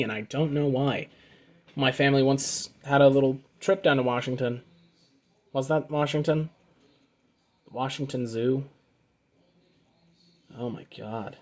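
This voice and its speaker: A young man giving a sarcastic, casual comic review, reading strips aloud and muttering to himself. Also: on the high side. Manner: sarcastic, reads comics aloud in silly voices, mumbles to himself.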